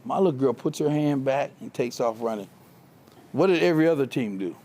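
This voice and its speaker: A man giving a motivational talk to a live audience, telling stories from his coaching days in an animated way and laughing along with them. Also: medium pitch, fairly quick, crowd noise. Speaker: keynote speaker, former track coach. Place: live event before an audience.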